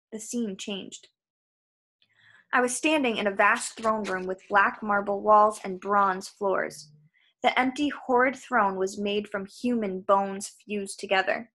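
A woman reading a novel aloud as an audiobook narrator in a steady, unhurried way. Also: medium pitch. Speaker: audiobook reader.

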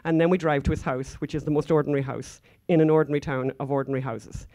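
A woman's voice: sits low, fairly even intonation, fast talker, warm tone. Irish woman on a conference stage: chatty storyteller, digresses freely with fillers. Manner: chatty, rambling, frequent asides and fillers. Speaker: conference speaker. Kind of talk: anecdotal conference talk.

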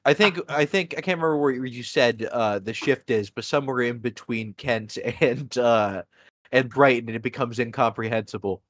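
A man hosting a casual wrestling podcast, talking in halting bursts with lots of fillers. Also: medium pitch, a bit bright. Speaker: podcast host. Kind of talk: casual chat.

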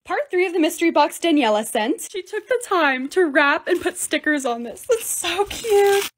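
A woman chatting excitedly as she shows things off in a casual vlog, gushing over each item. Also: extremely high pitch, normal speed. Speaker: lifestyle creator.

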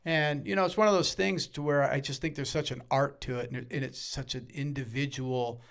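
A middle-aged man, a guest musician, telling stories in casual chat, acting out quotes with loud bursts and swearing freely. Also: mid-range voice, steady tone, brisk.

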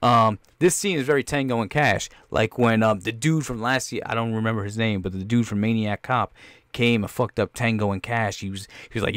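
A man hosting a podcast, reacting casually to a movie trailer in a rambling, excitable, profane way. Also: lowish voice, a little fast, no room sound. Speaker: podcast host.

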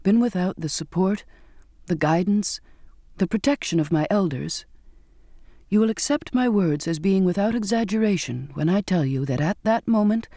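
Man narrator, audiobook reading, mellow tone, dry close sound, slightly high voice. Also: expressive, normal speed, dry recording. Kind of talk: scripted narration.

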